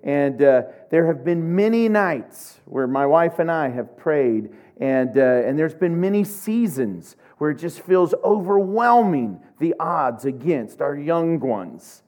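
A middle-aged man from Oklahoma preaching a sermon, telling humorous, animated stories. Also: fairly high pitch, slow, hardly any pauses. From Oklahoma, USA. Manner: humorous, animated storytelling with laughs.

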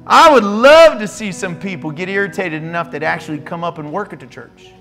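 High-voiced man preaching, teasing the congregation. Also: fairly quick, soft background music. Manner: animated, teasing preacher who scolds the congregation playfully. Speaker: pastor. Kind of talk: sermon. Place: church.

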